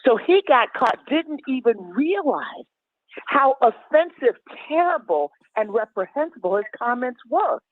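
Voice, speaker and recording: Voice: high-pitched, animated, measured pace, no echo. A radio panel guest speaks emphatically, repeating points for weight. The voice is heard over a tinny, phone-like line with a dry, close sound.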